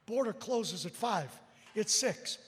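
A man preaching a storytelling sermon to a hall with a balcony, animated, speaking straight to the crowd and breaking into shouts. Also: high voice, takes it slowly. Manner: animated, bursts into shouts, addresses folks directly. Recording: long hall reverb.

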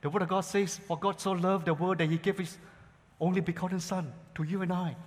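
A man preaching a sermon, his voice pitched a bit high for a man. He keeps calling out to the congregation as "church" and scatters "you know" through his talk, swinging from loud emphasis to hushed asides. The sound carries a long reverb, as in a church hall. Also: fairly even intonation, fairly quick. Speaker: pastor.

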